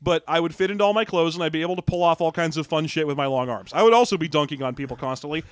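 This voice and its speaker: A man's voice: a little high, racing, smooth, no room sound. A man hosting a podcast, chatting casually and joking while he reads out listener questions. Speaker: podcast host. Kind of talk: casual chat.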